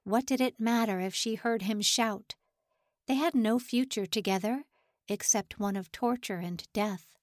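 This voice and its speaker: A woman reading a story aloud as narrator, in a measured, unhurried way. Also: a little high, no room sound, clean studio sound. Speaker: audiobook narrator. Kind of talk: scripted narration.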